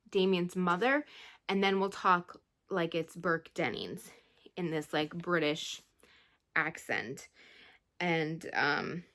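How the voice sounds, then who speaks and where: Slow, low-voiced woman reviewing a book. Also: bright, forceful tone. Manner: rambling, emotional retelling with sighs. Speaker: book vlogger. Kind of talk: casual book review chat.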